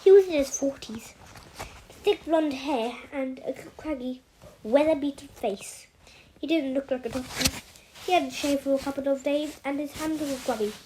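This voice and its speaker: A woman reading a novel aloud in a halting way, often stopping to restart and correct herself. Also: sits high, dark tone, slight background noise. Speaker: audiobook reader.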